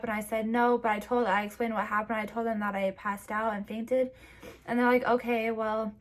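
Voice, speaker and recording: A young woman vlogger, teary, telling a personal story in a halting way with many restarts. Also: on the high side.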